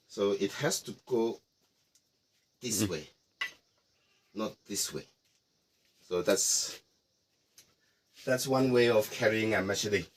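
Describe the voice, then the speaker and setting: The same kind of relaxed, playful heritage-house tour comes from a middle-aged guide from Nagaland, India, but slowly, with long pauses. His voice is lowish, and there's slight hiss or hum.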